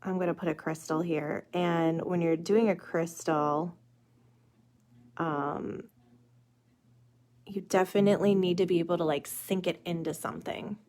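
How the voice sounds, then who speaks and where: A young woman teaching nail art on a live stream. She chats with viewers as "you guys" and "y'all", full of fillers, and murmurs softly while she works. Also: fairly low pitch, fairly even intonation, measured pace, long pauses. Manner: drops to a soft murmur while working close on the nail. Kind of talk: live tutorial demonstration.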